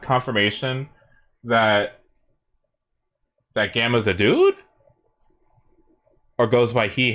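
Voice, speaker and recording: A man's voice: medium pitch, steady tone, takes it slowly, pauses often, bright, forceful tone. A man chatting casually on a live stream, rambling and hesitant with many fillers. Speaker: livestream host.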